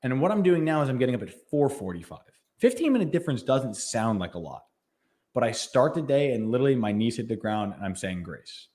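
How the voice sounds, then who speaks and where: A man's voice: medium pitch, big pitch swings, fairly quick, a little mellow. A man co-hosting a podcast, speaking in an emphatic, persuasive, motivational way. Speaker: podcast co-host. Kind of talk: casual podcast chat.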